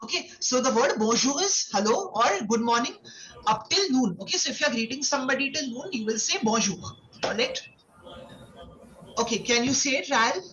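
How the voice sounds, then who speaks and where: High-voiced woman teaching over a dull call. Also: animated, moderate pace. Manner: explains patiently, with many "okay"s and tag questions. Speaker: French teacher. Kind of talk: online classroom instruction.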